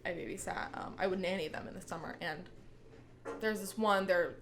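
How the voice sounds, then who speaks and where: A woman's voice: lowish voice, normal speed, a little hiss or hum. A young woman as a podcast guest, chatting casually with many fillers and breaking into laughter as she tells stories. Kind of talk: casual interview chat.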